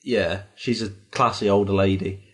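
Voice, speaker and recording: Low-voiced man, rambling banter. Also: fairly even intonation. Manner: dry, rambling, quick to laugh. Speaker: podcast co-host. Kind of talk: casual chat, banter.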